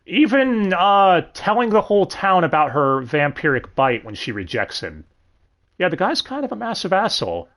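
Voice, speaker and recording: Lively rambling young man commentating. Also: high-pitched, normal speed. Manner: rambling, lively, swears casually, frequent self-corrections. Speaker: stream host. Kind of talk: casual livestream commentary.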